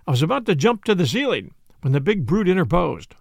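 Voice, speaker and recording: Male podcast reader, expressive storybook narration, high lively voice, gravelly. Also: brisk, dry recording, studio quality. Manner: expressive, theatrical reading.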